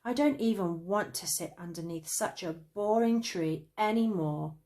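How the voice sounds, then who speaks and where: A woman's voice: lowish voice, measured pace, warm tone, a little hiss or hum, lightly acted. A woman voicing a cross, tired young traveller boy who complains indignantly. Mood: annoyed.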